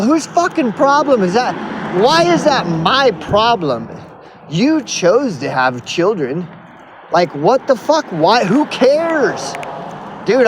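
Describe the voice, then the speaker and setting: Profane rambling man ranting to camera. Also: sits high. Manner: profane, rambling, repeats himself. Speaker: YouTuber. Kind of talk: casual ranting monologue to camera. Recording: constant noise behind voice.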